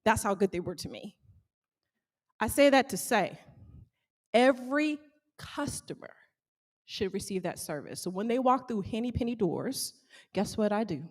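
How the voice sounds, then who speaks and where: A woman who owns a small bakery gives a motivational talk to a live audience, animated and calling out questions to the crowd. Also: medium pitch, normal speed, pauses often. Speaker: small bakery owner speaking to fellow business owners.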